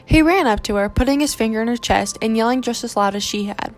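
Woman narrating with gravelly voice. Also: a little high, faint music behind. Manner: steady, measured narration. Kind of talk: audiobook reading of a romance novel.

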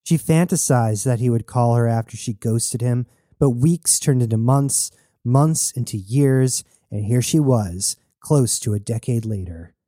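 A man narrating an audio drama in an even, measured storytelling manner. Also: medium pitch, no echo, studio quality. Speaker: narrator and sole performer.

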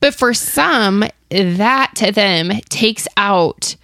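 A woman's voice: mid-range voice, expressive, extremely slow, pushed and bright, no echo, clean studio sound. A woman co-hosting a casual podcast chat, talking loosely with lots of fillers and restarts. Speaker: podcast co-host.

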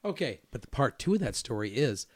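A man joins a casual podcast chat and tells stories haltingly, with frequent uh and um fillers. His voice is middle-pitched for a man. The sound is dry and close. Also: big pitch swings, no echo.

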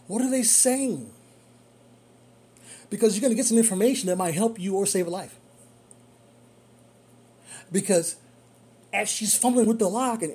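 Husky-voiced driver telling a story. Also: medium pitch. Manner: animated, repeats phrases for emphasis. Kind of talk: casual storytelling monologue.

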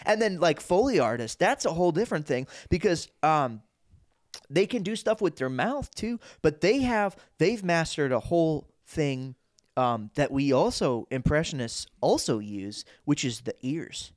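Animated young man, lively podcast guest. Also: on the high side, measured pace, no room sound, studio quality. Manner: animated, slips into voices and quoted bits. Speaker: guest impressionist and comedian. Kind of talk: casual podcast chat.

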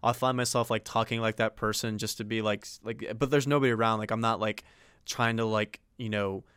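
Low, flat-voiced man chatting casually. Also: a little fast, clean tone, no echo, clean studio sound. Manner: rambling, full of "like" fillers. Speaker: podcast co-host. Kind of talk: casual chat.

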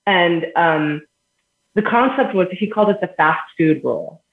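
A woman's voice: fairly low pitch, unhurried. A woman on an echoey phone line. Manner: earnest, explains with everyday examples, laughs between points. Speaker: guest. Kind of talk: conversational podcast interview.

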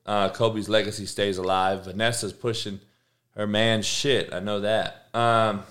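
A man's voice: fairly low pitch, flat delivery, unhurried, a bit bright. Profane slangy podcast host man. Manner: profane, slangy, talks back to chat. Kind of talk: casual live-stream chat.

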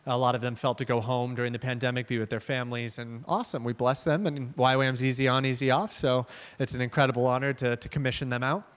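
A young man giving a casual, animated sermon as a guest missions leader. He shifts between emphatic high points and quiet asides, with fillers and restarts. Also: fast, clean tone. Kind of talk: conversational sermon. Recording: long hall reverb.

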